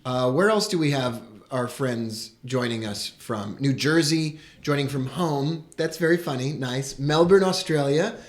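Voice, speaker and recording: An excitable man, hosting a live broadcast and greeting his viewers with enthusiasm. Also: medium pitch, a little slow, hardly any pauses. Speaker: host.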